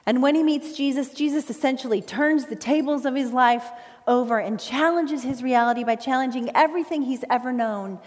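A woman pastor preaching a sermon in an earnest way, with emphatic pauses. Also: sits high, a little mellow. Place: church sanctuary. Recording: reverberant church hall.

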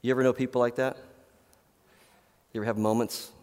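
A man's voice: medium pitch, level tone, fairly quick, darkish tone, clear, resonant tone, long reverb tail. A middle-aged man preaching a sermon as a pastor, telling stories in a loose, rambling way full of fillers. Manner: casual, rambling storytelling with many fillers.

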